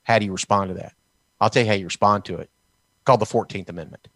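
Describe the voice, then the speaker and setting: A man's voice: fairly low pitch, fast, a bit bright, no room sound. A man from Texas giving a heated political talk, combative and sarcastic, mocking officials as he goes. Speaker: political commentator.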